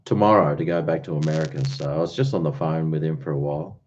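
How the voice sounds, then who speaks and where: A man with a low, mellow voice chats loosely with his livestream audience and reads their comments aloud. His talk wanders from topic to topic. The audio is dull and lo-fi. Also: quick pace. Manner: chatty, rambling, answers chat comments. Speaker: livestream host. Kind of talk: casual chat with viewers.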